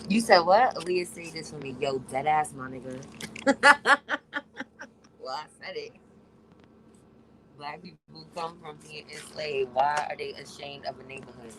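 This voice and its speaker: Riding a city bus, a woman from New York live streams on her phone, chatting casually and reading out viewer comments. Her low voice moves at normal speed, muffled by a mask, and the phone recording is noisy from the moving bus.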